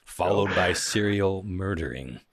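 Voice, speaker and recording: A man with a very low voice, hosting a casual podcast chat, reading listener letters and laughing often. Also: lively intonation, measured pace, dry recording, studio quality. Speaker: podcast host.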